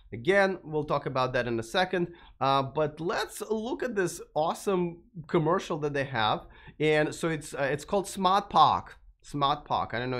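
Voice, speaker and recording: A man hosts a live stream about electric cars, with a slightly high voice. He rambles in a casual, unscripted way, full of ums and false starts. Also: fairly bright tone. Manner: rambling, many fillers and restarts. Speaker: host of an electric car channel.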